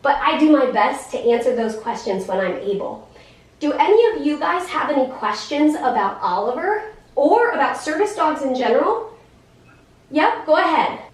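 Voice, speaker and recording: A woman in her thirties explaining things to a class of children, in an animated, sing-song, teacherly way with many questions. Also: high voice, moderate pace. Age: 30s. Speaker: guest speaker in a special education class. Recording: echoey classroom, voice from far off.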